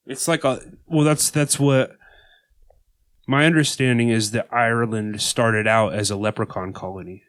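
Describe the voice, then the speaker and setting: A man's voice: medium pitch, steady tone, moderate pace, a bit bright, no room sound. A man in casual podcast banter, piling up fillers as he spins tongue-in-cheek stories. His mid-range voice sits dry and close, with no room around it. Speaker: podcast co-host. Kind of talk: casual chat.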